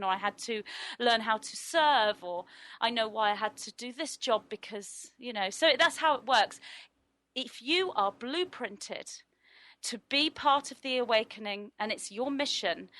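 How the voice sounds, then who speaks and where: A woman's voice: a little high, a bit bright. Earnest woman with a trained voice. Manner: earnest, flowing and explanatory; trained voice, deliberate emphasis. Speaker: spiritual guest. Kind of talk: spiritual interview talk.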